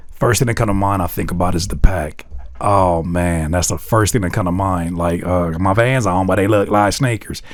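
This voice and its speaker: Animated, laughing man reacting to music. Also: deep voice, normal speed. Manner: animated, laughs often, profane and excitable. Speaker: reaction video host. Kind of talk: casual music reaction commentary.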